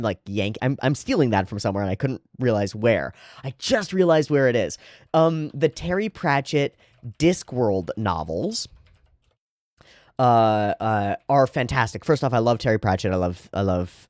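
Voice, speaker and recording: A man's voice: medium pitch, darkish tone, no echo, studio quality. A man hosting a channel, reading a manga aloud with chatty, casual commentary and casual swearing. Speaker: manga reader and channel host.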